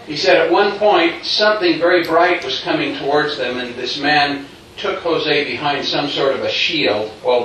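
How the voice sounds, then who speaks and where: A man telling a story in a sermon-like way, acting out what people said and chuckling along. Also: a little high. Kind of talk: preached storytelling. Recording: very echoey hall, distant mic, faint noise.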